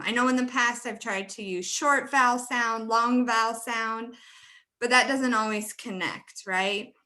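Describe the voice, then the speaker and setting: A woman's voice: fairly high pitch, sharp tone. A woman presenting a webinar training for teachers, friendly and laughing often as she demonstrates word stress.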